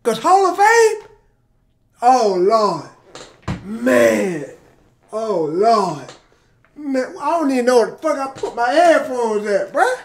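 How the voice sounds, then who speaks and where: A man reacting to music on his channel, excitable and emotional, shouting and exclaiming and talking straight to his viewers. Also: extremely high pitch, takes it slowly, pauses often, slight background noise. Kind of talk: casual reaction commentary.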